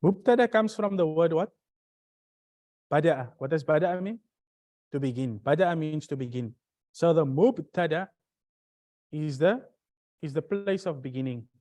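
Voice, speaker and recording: Lecturing a class on Arabic grammar, this teacher speaks in a mid-range voice with a dark tone and lively intonation. They keep quizzing students, restarting phrases, and reciting brief Arabic verses in rapid bursts.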